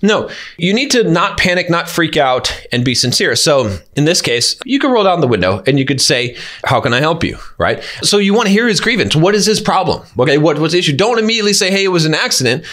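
Male advice host, slightly high voice, blunt and emphatic, keeps checking the listener is with him. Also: sing-song, brisk, hardly any pauses, fairly bright tone. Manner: emphatic, keeps checking in with "okay?" and "all right?"; blunt and instructive. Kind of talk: direct-to-camera advice talk.

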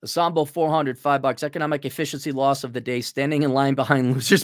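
A man's voice: medium pitch, quick pace, hardly any pauses, a little hiss or hum. A man giving a profane, heated and mocking rant as a political commentator on a livestream.

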